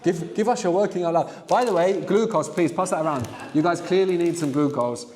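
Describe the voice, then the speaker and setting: A man's voice: on the high side, a little fast, a little mellow, in a large hall. A man teaching a live language workshop, coaxing students with questions and asking them to think aloud. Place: classroom with students.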